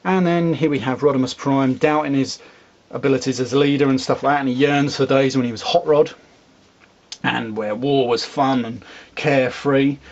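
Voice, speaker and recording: A man's voice: mid-range voice, steady tone, normal speed, lo-fi sound. A man casually reviewing comics, rambling, with fillers and asides.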